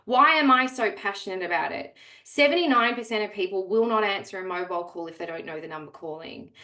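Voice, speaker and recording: A woman's voice: medium pitch, quick pace, bright, forceful tone, roomy sound. A woman coaching real estate agents in a webinar, speaking energetically and emphatically straight to her audience. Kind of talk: webinar presentation.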